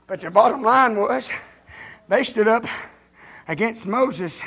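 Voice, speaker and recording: High, gravelly preacher. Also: male voice, expressive, slow pace, long pauses. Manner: folksy, breaks into shouts and chuckles. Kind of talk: revival sermon.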